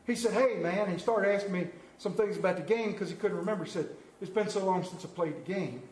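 A man's voice: high-pitched, brisk, a little mellow, reverberant, rough recording. A middle-aged man preaching a sermon, telling folksy, self-deprecating stories to his congregation in a church. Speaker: pastor. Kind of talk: sermon with storytelling.

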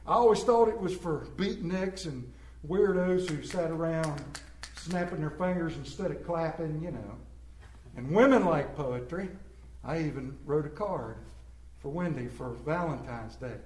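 A man telling comic stories to a live audience, animated and playful with emphatic swings. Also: a little high, a little slow, a little hiss or hum. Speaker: speaker entertaining an audience. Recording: roomy echo.

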